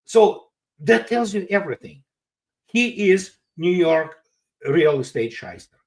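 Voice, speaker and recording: A man's voice: high voice, sing-song, slow, a little mellow. A man talking as an interview guest, with emphatic, scornful political commentary full of "you know" fillers. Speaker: guest analyst.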